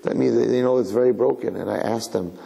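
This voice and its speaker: A man, a rabbi, giving a conversational sermon as an animated storyteller who acts out voices. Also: medium pitch, quick pace. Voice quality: gravelly. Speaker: rabbi lecturing. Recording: reverberant hall, faint background noise.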